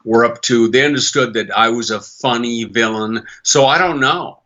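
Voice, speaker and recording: A man's voice: medium pitch, moderate pace, highs cut off. An older man, a veteran voice actor, telling stories as a podcast guest and slipping into character voices. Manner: animated storyteller who slips into character voices. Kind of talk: podcast interview.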